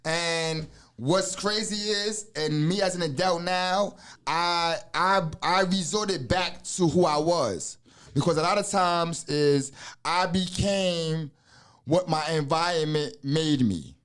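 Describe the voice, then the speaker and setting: A man's voice: a little high, takes it slowly, a bit bright, clean tone. A man in his forties with an American accent hosts a podcast in a loose, profane style, full of asides and restarts. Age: 40s. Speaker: podcast host. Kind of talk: casual podcast talk.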